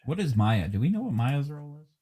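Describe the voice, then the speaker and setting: A man playing a social deduction game over a video call, firing off quick questions and asides. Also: fairly high pitch, big pitch swings, dark tone, slightly rough. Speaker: player. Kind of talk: casual game talk.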